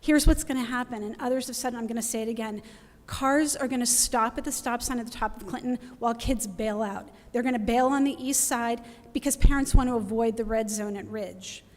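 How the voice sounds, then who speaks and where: A woman's voice: fairly high pitch, a little fast. A middle-aged woman giving an impassioned public comment at a council meeting, pleading and close to tears. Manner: pleading, emotional, urgent. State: near tears. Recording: reverberant hall.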